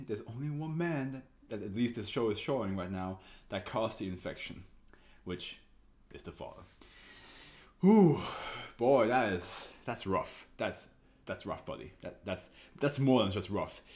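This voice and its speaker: Animated man doing a jokey reaction. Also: mid-range voice. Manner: animated, jokey, laughs often; talks while standing. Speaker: anime reaction host. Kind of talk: casual reaction commentary.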